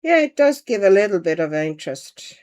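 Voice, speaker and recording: A woman's voice: mid-range voice, big pitch swings, a little fast, darkish tone. A woman hosting a casual livestream, chatting and thinking aloud as she paints and answers viewer comments. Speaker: livestream host.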